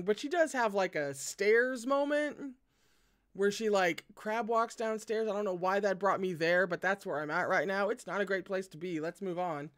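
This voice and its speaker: A man's voice: high voice, moderate pace, a bit bright. A man reading a novel aloud and breaking off for chatty, swearing commentary. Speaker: book reader.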